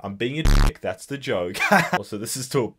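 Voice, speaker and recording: A young man hosting comedy commentary, sarcastically reading and mocking bad memes with loud outbursts and put-on voices. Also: mid-range voice, expressive, normal speed, creaky, noisy background.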